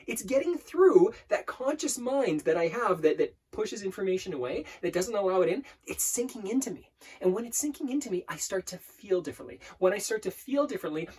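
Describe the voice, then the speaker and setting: This life coach has a high, husky voice with a darkish tone. In his earnest self-help talk to camera about affirmations, he frequently repeats words and restarts, and he slows down when demonstrating.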